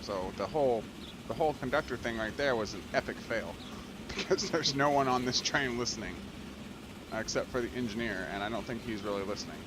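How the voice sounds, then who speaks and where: An excitable man narrating his own gameplay, gushing over the scenery and laughing as he goes. His voice sits at an ordinary middle pitch. A steady background noise runs under the recording. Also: fairly quick. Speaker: let's play host. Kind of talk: gameplay commentary.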